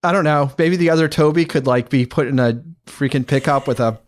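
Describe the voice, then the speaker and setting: A man's voice: a little high, fairly quick. A man on a podcast panel, riffing jokes in a hesitant, casual way. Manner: hesitant, joking riffs. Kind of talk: casual chat.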